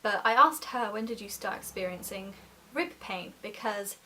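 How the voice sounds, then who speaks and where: A woman's voice: mid-range voice, expressive, moderate pace, pushed and bright, slight background noise. Woman, 20s, vlogger, casual, giggly, filler-heavy, slightly breathless. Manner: chatty, giggly, lots of "like" fillers. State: pregnant, gets out of breath talking. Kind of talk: casual pregnancy update vlog.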